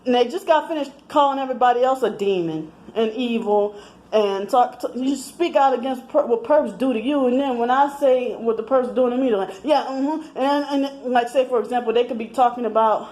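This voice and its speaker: A vlogger in her thirties talks on at length about personal matters, slightly breathless and full of fillers and false starts. She speaks a little fast in a fairly high voice with a darkish tone, and the recording is poor.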